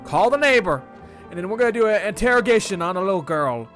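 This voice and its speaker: A man giving casual, animated gameplay commentary with jokey loud outbursts. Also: high-pitched, fast, over music. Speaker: gamer.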